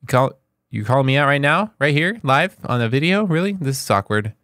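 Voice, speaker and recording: A man's voice: mid-range voice, animated, fairly quick, a bit bright, dry recording, clean studio sound. A YouTuber man reading viewer comments aloud and reacting to them with playful, mock-outraged asides. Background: background music.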